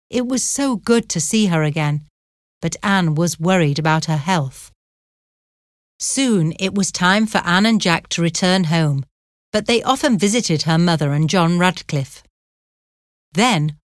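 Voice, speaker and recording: A woman narrating a storybook in a measured, plain way. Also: fairly low pitch, no room sound, studio quality.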